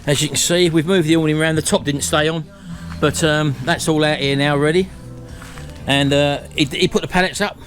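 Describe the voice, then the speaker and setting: A man's voice: on the high side, fairly even intonation, fairly quick, music in the background. A middle-aged man, chatting casually to his viewers at home and calling them folks. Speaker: vlog host. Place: at home, house and garden.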